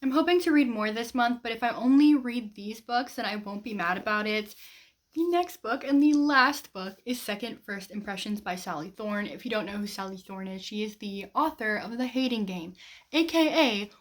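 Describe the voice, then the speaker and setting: A young woman vlogging to camera about her reading plans, bubbly and gushing, with a run-on, chatty way of talking. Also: on the high side. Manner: bubbly, gushing, fast-running sentences with many "like"s. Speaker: book vlogger. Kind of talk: casual chat to camera.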